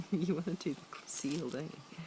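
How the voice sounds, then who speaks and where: A woman's voice: low voice, fairly even intonation, slow, noisy background. A mother reading a picture book aloud to her small son, playful and coaxing, joining in with animal noises.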